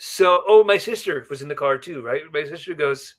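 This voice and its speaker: At a moderate pace, a man with a fairly high pitch and lively intonation shares a personal story as a guest on a podcast. He wanders into asides in a casual, talkative way and keeps tagging his points with a questioning "right?".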